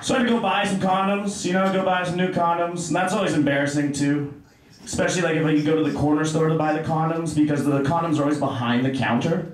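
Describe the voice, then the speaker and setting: High-voiced young man doing stand-up. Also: very echoey, distant mic, poor audio. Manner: self-deprecating, offhand storytelling. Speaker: stand-up comedian. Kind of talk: stand-up comedy set. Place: comedy club stage.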